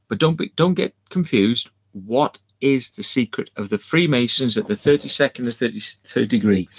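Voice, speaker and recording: A man's voice: medium pitch, breathy edge. A man rambling sardonically to camera, swearing freely as he goes. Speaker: video host. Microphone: camera mic.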